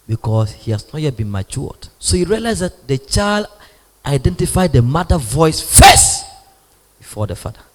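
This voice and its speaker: A man preaching a sermon, animated, swinging from loud bursts to near whispers. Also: medium pitch. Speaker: prophet preaching. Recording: long hall reverb.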